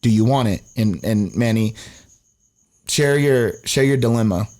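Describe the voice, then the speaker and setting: Animated young man telling a story. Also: a little slow. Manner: animated, acts out quotes with big pitch jumps, swears freely. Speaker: podcast co-host. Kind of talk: casual storytelling chat.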